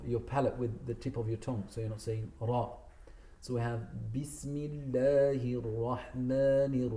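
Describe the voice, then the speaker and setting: A man's voice: medium pitch, mellow. A man teaching Quran recitation in a spoken lesson, patiently correcting common mistakes and drawing out the demonstrated words. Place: community centre room. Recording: echoey room.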